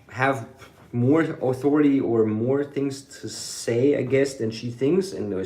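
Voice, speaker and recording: A man's voice: mid-range voice, mellow. A man in a casual, rambling vlog monologue, swearing freely and dropping German phrases. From United States. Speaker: vlogger. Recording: echoey room.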